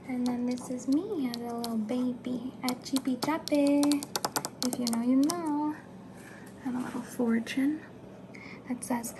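A young woman in a soft, chatty, giggly whisper, giving an ASMR house tour of her home. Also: sits high, measured pace. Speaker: ASMR creator. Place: home, indoors. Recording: steady background hiss with clicks.

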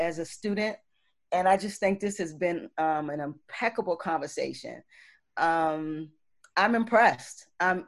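Chatty woman hosting an online talk show. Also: fairly low pitch. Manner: warm, effusive, many fillers and restarts. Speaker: host. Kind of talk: casual online radio talk.

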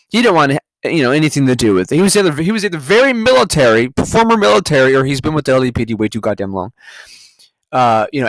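A man's voice: mid-range voice, dry recording. A man from California telling a story on his podcast, profane and sarcastic, breaking into laughs. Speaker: podcast host. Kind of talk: casual ranting monologue.

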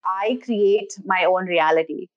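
A woman talking casually and frankly, swearing freely and telling stories in an animated way. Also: on the low side, a little slow, lo-fi sound. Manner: frank, profane, animated storytelling. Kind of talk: casual philosophical chat.

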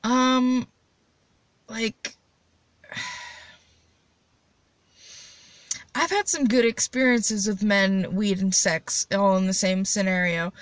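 A young woman hosting a casual solo chat, high and rambling with blunt, profane jokes. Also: steady tone, extremely slow, long pauses, no echo. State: high on cannabis. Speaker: podcast host.

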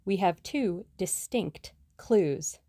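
A woman reading the lines of a brisk, bossy young woman sleuth in an audiobook, speaking emphatically and decisively. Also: lowish voice, expressive, warm tone, no room sound, heavily acted.

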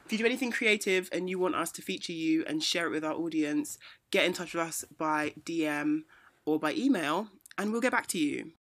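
A woman's voice: deep voice, brisk, a bit bright. A young woman in her twenties co-hosting a podcast, chatting playfully and laughing often. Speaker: podcast co-host. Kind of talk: casual chat.

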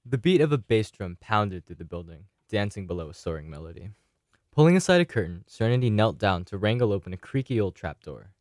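A man's voice: on the low side, big pitch swings, fairly quick, darkish tone, no room sound, clean studio sound. A man casually reading a collaborative story aloud, now and then laughing and loosely voicing characters.

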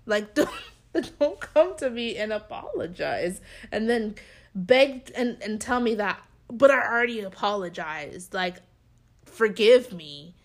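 A young woman, co-hosting a podcast, shares a story in a casual chat at a measured pace. Her voice is mid-range, and she's an animated storyteller who acts out the people in it.

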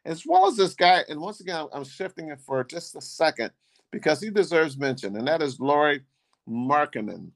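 Man, gravelly voice, dry close sound, rambling casual sports talk, lots of restarts. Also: fairly high pitch, sing-song, no echo. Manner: rambling, halting with many restarts. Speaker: podcast co-host.

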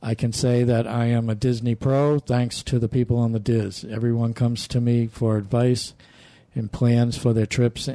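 A man's voice: mid-range voice, little pitch movement, moderate pace, few pauses, mellow, no room sound. A man co-hosting a podcast who reads a listener's letter aloud, stumbling a little.

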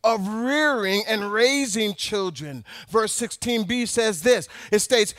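A man's voice: high-pitched, takes it slowly, few pauses, fairly bright tone, no room sound, clean studio sound. A male pastor preaching a sermon, telling personal stories with emphatic repetition.

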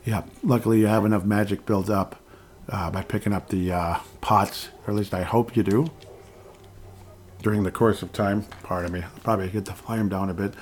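A man's voice: fairly low pitch, steady tone, brisk, a little mellow. A man giving casual, rambling commentary over a video game, joking at his own expense as he plays. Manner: rambling and self-deprecating, with frequent laughs and asides. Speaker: gameplay commentator. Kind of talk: casual let's-play commentary.

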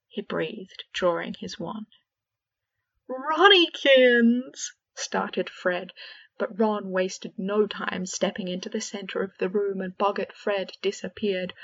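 A woman narrating a fan fiction audiobook in a steady, measured way. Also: mid-range voice, husky. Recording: dull lo-fi recording.

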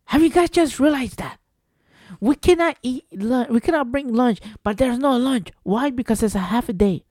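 A man's voice: very high-pitched, normal speed, a little mellow, no room sound, studio quality. A man from New Jersey hosting a solo podcast, ranting in an exasperated, profane way and firing off rhetorical questions. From New Jersey, USA. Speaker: podcast host. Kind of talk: casual solo podcast rant.

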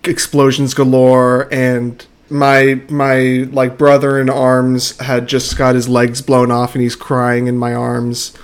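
A man's voice: mid-range voice, monotone, takes it slowly, few pauses, smooth. A young man hosting a podcast in casual, laid-back chat with short reactions. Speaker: podcast host.

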